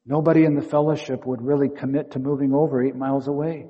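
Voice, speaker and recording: A male pastor preaching a story-filled sermon, acting out inner dialogue and shifting between quiet and loud. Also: medium pitch, little pitch movement, fast talker, muffled recording. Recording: long hall reverb.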